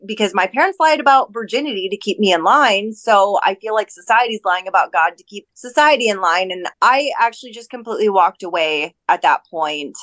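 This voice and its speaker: A woman in her thirties from North Dakota, a podcast guest telling a personal story in a chatty, animated way, full of "like" and quoted voices. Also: medium pitch, moderate pace, few pauses, no room sound. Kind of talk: casual storytelling.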